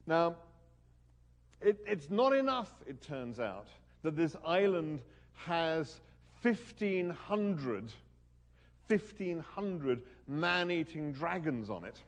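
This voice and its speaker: A man's voice: fairly high pitch, big pitch swings, takes it slowly. A man giving a talk at a university event and reading aloud, wry and hesitant, with many ums and restarts. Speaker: guest speaker.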